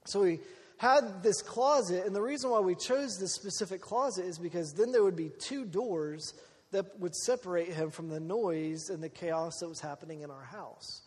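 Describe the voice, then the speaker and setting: A man telling a personal story in a sermon, acting out the people he quotes in an animated way. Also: high voice, moderate pace, breathy edge. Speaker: preacher. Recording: long hall reverb.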